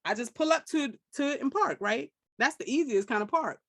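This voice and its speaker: A young woman with a New York accent, chatting as a podcast host. Her pitch swings widely as she tells stories at a quick clip, full of slang and laughter. The sound is close and dry. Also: no room sound. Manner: animated storytelling, laughs often, slangy. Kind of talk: casual interview chat.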